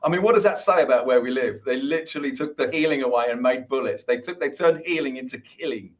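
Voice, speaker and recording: A man appears as a podcast guest, a musician who talks at length. His speech is earnest and wandering, and he keeps restarting his sentences. His voice sits at an ordinary middle pitch. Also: fast. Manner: earnest, rambling, many restarts. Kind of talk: casual interview chat.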